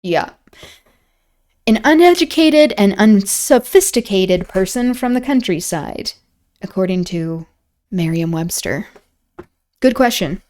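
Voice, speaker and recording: A woman's voice: mid-range voice, lively intonation, slow, long pauses, darkish tone. A woman streamer reading a classic novel aloud, breaking off for casual chatty asides.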